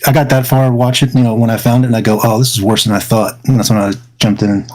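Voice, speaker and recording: Male co-host, crude storyteller, average pitch. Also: flat delivery, fast, darkish tone. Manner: joking, profane, acts out quotes. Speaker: podcast co-host. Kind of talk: casual chat.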